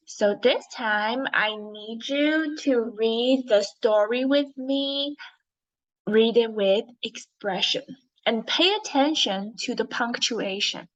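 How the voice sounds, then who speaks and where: Woman, English teacher, Chinese accent, very slow patient speech, questions to pupils, muffled lo-fi sound. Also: fairly high pitch. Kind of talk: online class lesson. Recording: dull lo-fi audio.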